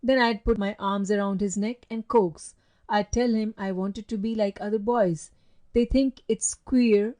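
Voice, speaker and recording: A woman voicing a kind, sympathetic little girl who speaks gently and earnestly in a storybook reading. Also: mid-range voice, steady tone, a little slow, natural voice.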